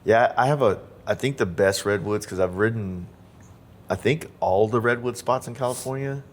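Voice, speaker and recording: Male podcast host, low-pitched, easygoing conversational delivery with frequent fillers. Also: moderate pace, slight background noise. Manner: relaxed, loose talk full of "like" and "you know". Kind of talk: casual interview chat.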